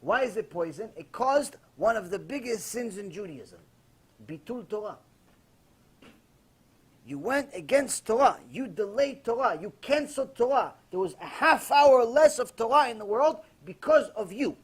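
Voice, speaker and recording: A man who is a rabbi, giving a Torah lesson as a sermon and telling stories emphatically, dropping to a hush and then rising loud. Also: very high-pitched, expressive, moderate pace, husky. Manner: emphatic storytelling, swinging from hushed to loud.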